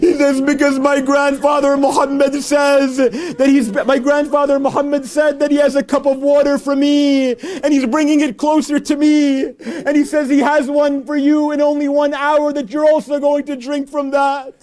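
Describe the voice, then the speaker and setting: A man preaching an emotional religious narration, rising to anguished cries and shouts. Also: extremely high pitch, monotone, moderate pace. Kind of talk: emotional religious recitation sermon.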